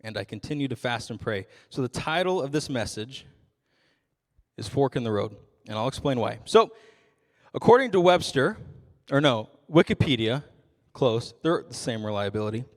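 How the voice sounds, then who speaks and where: A man's voice: mid-range voice, animated, normal speed, long reverb tail. A young adult man giving a youth sermon as a ministry intern, casual and self-deprecating with frequent jokes.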